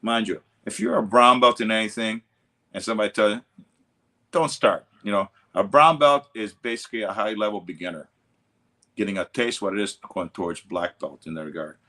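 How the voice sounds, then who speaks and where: Man, Italian accent, lowish voice, rambling casual talk, filler-heavy. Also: brisk, pushed and bright. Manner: rambling, laughs often, many fillers. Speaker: martial arts instructor. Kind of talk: casual interview chat.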